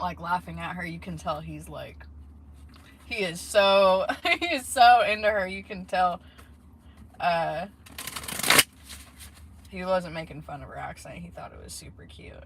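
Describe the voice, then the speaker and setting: A woman with a lowish voice does a loose, meandering tarot reading from inside a parked car, speaking a little slowly and pausing often amid fillers and asides. The audio is poor, with faint noise in the background.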